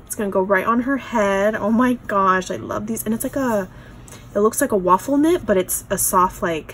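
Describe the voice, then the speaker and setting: A young woman hosting a casual craft unboxing, gushing and excitable as she shows each piece. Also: mid-range voice, a little hiss or hum. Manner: gushing, excitable, lots of "oh my gosh" and "you guys". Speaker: craft channel host. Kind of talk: casual unboxing show-and-tell.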